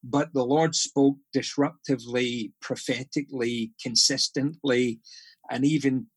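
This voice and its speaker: A middle-aged man with a Scottish accent, speaking as a podcast guest and telling stories with a jovial streak. His voice is husky at a middle pitch. The sound is dry and close. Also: steady tone, a little slow, no echo. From Scotland. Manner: jovial, storytelling with humor. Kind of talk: conversational podcast interview.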